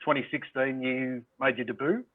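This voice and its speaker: A man co-hosting a casual sports chat, easygoing and quick to chime in. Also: mid-range voice, steady tone. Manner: easygoing, chimes in with short agreement. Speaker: podcast co-host. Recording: tinny phone-like line.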